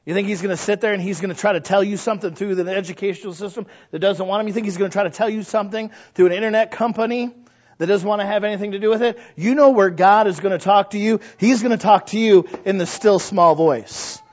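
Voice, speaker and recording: A man preaching a sermon, talking conversationally to the congregation and often asking them questions, then building from quiet asides into loud, emphatic exclamations. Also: high-pitched, fairly even intonation, quick pace. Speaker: pastor. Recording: muffled lo-fi recording.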